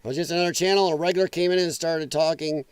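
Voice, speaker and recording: A man's voice: a little high, fairly even intonation, racing, smooth, no room sound. A man hosting a political livestream, ranting sarcastically and chatting with viewers in the live chat. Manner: heated, sarcastic rant with mocking put-on voices; chats with live viewers while reading chat. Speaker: livestream host.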